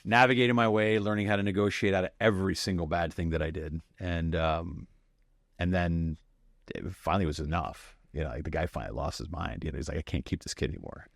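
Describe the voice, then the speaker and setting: Deep-voiced man telling lively stories. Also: brisk, vocal fry, no room sound, clean studio sound. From Miami, United States. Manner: animated storyteller who acts out quoted people and laughs often. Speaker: podcast guest. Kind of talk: candid storytelling interview.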